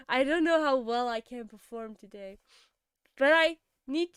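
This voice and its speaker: A woman's voice: high voice, fairly bright tone, no room sound. A tired young woman, chatting casually on a stream while learning Korean words, laughing often and sliding into mumbles. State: tired, sleepy. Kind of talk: casual live-stream chat.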